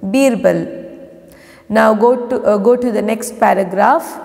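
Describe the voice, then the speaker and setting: Give me a gravelly woman teacher reading a lesson slowly and spelling out words. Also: medium pitch, darkish tone. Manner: slow, spells out words letter by letter. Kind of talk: reading a lesson aloud for an online class. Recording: long reverb from a hall.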